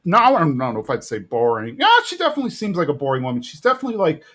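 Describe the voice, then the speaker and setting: A man's voice: on the high side, big pitch swings, rapid-fire, fairly bright tone. A man co-hosting a podcast, casually retelling a cartoon episode in a rambling way and quoting the characters' lines. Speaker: podcast co-host. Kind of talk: casual recap chat.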